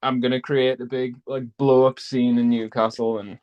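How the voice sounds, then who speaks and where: A man chats casually, rambling through his stories with plenty of fillers. His voice sits at an ordinary middle pitch. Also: little pitch movement, normal speed, a little mellow, highs cut off, slight background noise. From North East England. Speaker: participant in an online group chat. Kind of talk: casual chat.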